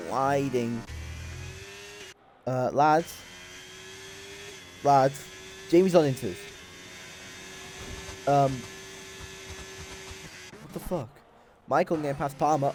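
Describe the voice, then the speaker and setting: A young man giving excitable, sweary live commentary on a sim race while bantering with his chat. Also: fairly high pitch, slow, pauses often, a little hiss or hum.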